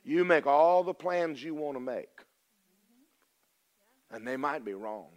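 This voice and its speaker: An older man preaches a folksy, storytelling sermon, going from loud declarations to hushed confessions. His voice sits a little high and is expressive and slow, and the audio sounds dull.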